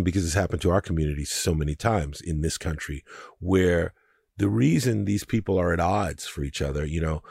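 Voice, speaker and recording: A man co-hosting a podcast, talking through a film in animated, casual discussion and often restarting his sentences. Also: low-pitched, vocal fry, slightly rough, no room sound, clean studio sound. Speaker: podcast co-host.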